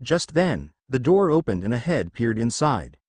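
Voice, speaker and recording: A man reading a fan fiction story aloud as narrator, with an even storytelling delivery. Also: medium pitch, moderate pace, slightly rough, no room sound, clean studio sound.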